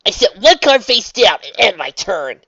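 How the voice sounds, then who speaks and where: A reader voicing a cocky young tomboy duelist, loud and boastful. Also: mid-range voice, big pitch swings, moderate pace, no room sound, recorded from a distance, lo-fi sound, pitched above the performer's own voice.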